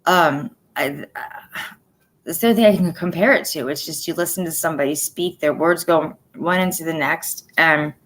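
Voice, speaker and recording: Woman, forties, deep voice, slow, halting, soft, near-whisper at times. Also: low-quality recording. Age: 40s. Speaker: livestream host. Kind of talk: personal livestream update.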